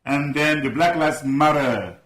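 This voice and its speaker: A man's voice: a little high, measured pace, a bit bright, reverberant. A man from Ivory Coast, a guest expert in an interview, talking passionately with emphatic rhetorical questions. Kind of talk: animated interview talk.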